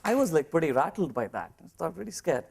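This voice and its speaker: A man's voice: fairly high pitch, very animated, fast, vocal fry, darkish tone, a little hiss or hum. A man from Chennai with an Indian English accent, giving a humorous contest speech and mimicking other accents in his story.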